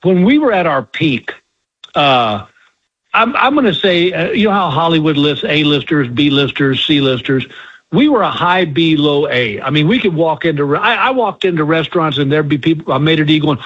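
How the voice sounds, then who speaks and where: A man's voice: a little high, expressive, moderate pace, a bit bright, husky, dry recording, highs cut off. An older man, a comedian guest, telling folksy, laughing anecdotes in a casual interview.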